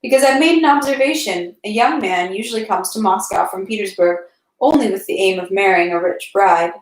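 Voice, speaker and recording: A woman voicing a kind, good-natured young count who talks with merry, gentle mockery, in an echoey room. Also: medium pitch, fairly quick, lightly acted. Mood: amused.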